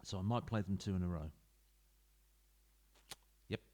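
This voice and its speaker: Man, low-ish voice, casual chatty let's-play host, rambling asides, home desk mic. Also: unhurried, a little mellow. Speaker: gaming YouTuber. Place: home room. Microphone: desk mic into computer.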